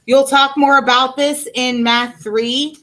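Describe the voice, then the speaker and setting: Casting: female math teacher, high voice, unhurried, patient step-by-step classroom delivery. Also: fairly even intonation, fairly bright tone, rough recording. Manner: patient, explains step by step, checks in with "okay". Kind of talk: classroom lecture to students.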